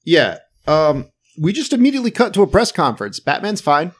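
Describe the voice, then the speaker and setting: Lively man recapping a movie. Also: fairly high pitch, fairly quick. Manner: lively, recaps the plot with sarcastic asides. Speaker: podcast co-host. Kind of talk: casual movie discussion.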